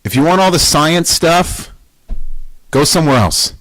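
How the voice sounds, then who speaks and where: A man's voice: on the high side, expressive, a little slow, a bit bright, no room sound, poor audio. A man hosting a weightlifting podcast in a casual, motivational monologue. He is emphatic and blunt, swears, and fires off rhetorical questions.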